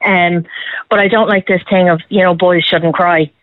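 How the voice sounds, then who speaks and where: A woman's voice: fairly low pitch, steady tone, no echo. Chatty woman on a phone line. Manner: chatty and emphatic, quick laughs. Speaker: caller. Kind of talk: casual radio phone-in chat. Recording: tinny phone line, dry.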